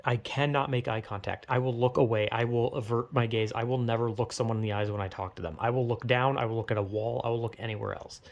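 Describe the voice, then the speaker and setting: Gravelly rambling young man. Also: medium pitch. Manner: rambling, self-conscious, swears casually. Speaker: vlogger. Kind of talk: casual rambling monologue.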